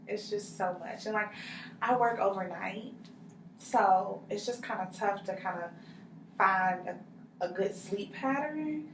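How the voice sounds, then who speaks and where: A young woman speaking as a client in a counseling role-play, frustrated and halting, with many fillers. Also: medium pitch, a bit bright. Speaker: counseling client in a practice session. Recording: roomy, mic from far off, faint noise.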